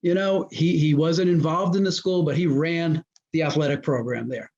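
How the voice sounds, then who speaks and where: A former high school football coach from New Jersey guests on a casual interview, telling old stories at a moderate pace. He's an animated storyteller who acts out what people said, and the audio is muffled and lo-fi.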